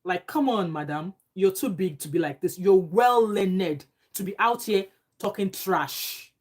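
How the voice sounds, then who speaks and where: A woman's voice: mid-range voice, expressive, a little slow, darkish tone, husky. A Nigerian woman vlogger giving emphatic, indignant casual commentary with pidgin phrases. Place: home abroad.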